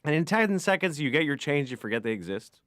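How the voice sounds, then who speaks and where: A man's voice: on the high side, big pitch swings, fast talker, fairly bright tone, dry recording. A man voicing a comedian in a cartoon, ranting about petty annoyances in an exasperated stand-up style. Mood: irritated. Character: ranting grumpy adult male comedian. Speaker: comedian patient. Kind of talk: animated stand-up monologue.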